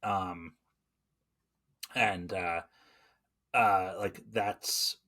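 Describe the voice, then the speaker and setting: A man's voice: deep voice, steady tone, extremely slow, pushed and bright. A man in his forties hosting a casual podcast conversation, talking in a rambling way with many fillers and restarts. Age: 40s. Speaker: podcast host and former EMT.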